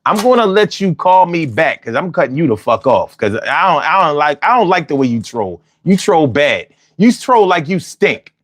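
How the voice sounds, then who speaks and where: Brief: male call-in host, high voice, brash and profane, ribs callers, loops his lines. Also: sing-song, normal speed, hardly any pauses, no room sound. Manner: loud, profane, teasing and repetitive. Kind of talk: casual livestream chat.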